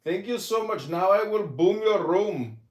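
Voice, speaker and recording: High-voiced man taunting sarcastically. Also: animated, a little slow. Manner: taunting, sarcastic, calls others babe. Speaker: participant in an online voice room. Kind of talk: mocking banter. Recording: echoey room.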